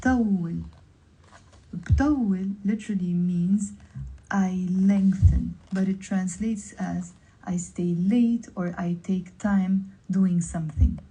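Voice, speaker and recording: A woman teaches Lebanese Arabic vocabulary live, with a Lebanese accent. Her voice is very dark and mellow, and she sits at a middle pitch. She says each word slowly, breaks it into syllables, and repeats it. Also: low-quality recording. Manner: slow, careful word-by-word pronunciation drills. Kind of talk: vocabulary lesson on a livestream.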